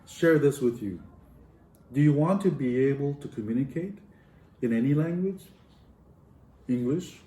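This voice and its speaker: A man's voice: medium pitch, mellow, distant mic. A man who is a professor, telling a story to a live audience and acting out the dialogue with big swings in his voice. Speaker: professor and speaker. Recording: roomy hall echo.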